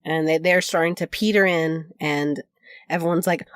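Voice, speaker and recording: A woman's voice: on the low side, animated, unhurried, dry recording, studio quality. A woman co-hosting a podcast, casually recounting an anecdote and acting out the quoted voices, laughing often. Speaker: podcast co-host. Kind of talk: casual storytelling chat.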